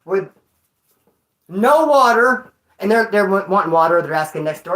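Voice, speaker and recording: A man's voice: high voice, moderate pace, low-quality recording. Rambling, slangy man telling a story. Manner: rambling, slangy, swears freely; jumps between loud bursts and mutters. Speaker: livestreamer. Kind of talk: casual storytelling to a live chat.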